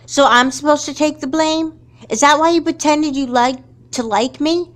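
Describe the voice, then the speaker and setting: A woman's voice: medium pitch, moderate pace, close to an everyday voice. A woman voicing an angry, hurt schoolgirl who accuses her friend in a fan doll movie. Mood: accusing. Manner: indignant, accusing.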